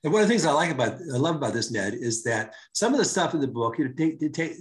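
A man's voice: a little high, big pitch swings. A man co-authoring a parenting book, talking to parents in a conversational way, stopping and restarting often. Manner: halting, with many restarts. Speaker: co-author giving a book talk.

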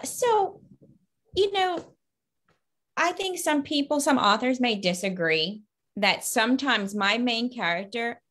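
Speaking high-pitched over a video call, a Louisiana woman who writes children's books gives earnest, cheerful interview answers, with lively bursts as she tells her stories.

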